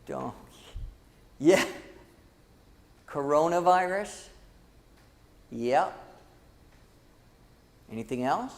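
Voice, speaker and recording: A man teaching a church Bible class in a lively, dramatic way, calling out to the class. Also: a little high, very slow, vocal fry, pauses often, big-room sound. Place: church hall.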